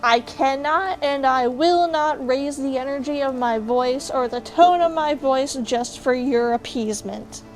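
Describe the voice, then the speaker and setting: A woman's voice: high voice, measured pace, hardly any pauses, faint music behind. A young woman streaming, chatting casually and ranting bluntly with jokes to her chat. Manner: blunt, joking rants to chat.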